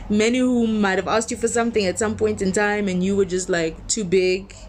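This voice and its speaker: A woman minister giving a motivational sermon-style talk. She speaks conversationally and with emphasis, slowing down to stress key words and building her points through repetition. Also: mid-range voice, steady tone, slight background noise.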